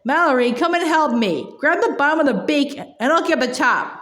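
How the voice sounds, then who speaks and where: A woman's voice: sits high, expressive, moderate pace, fairly bright tone. A woman voicing an earnest, animal-loving boy in a storybook reading, giving firm commands. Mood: commanding. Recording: roomy echoey room.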